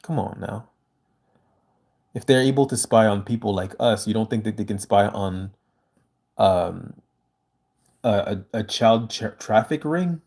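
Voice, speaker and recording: A man's voice: fairly low pitch, a little slow, creaky, pauses often, darkish tone. A man hosting a casual livestream, reading viewer comments aloud and answering them in an earnest, emphatic way.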